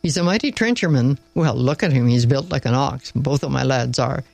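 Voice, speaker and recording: A man's voice: medium pitch, fairly quick, darkish tone, no room sound. A man doing a blunt farmer father. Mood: earnest. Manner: gruff, homely, plain-spoken. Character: blunt old Northern farmer, plain-spoken father.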